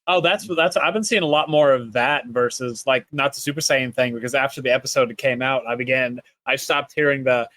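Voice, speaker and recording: A man's voice: medium pitch, steady tone, fast talker, hardly any pauses, a bit bright, no echo. A man with a Southern US accent co-hosting a podcast, talking casually and rambling with many restarts. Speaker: podcast co-host. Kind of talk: casual chat.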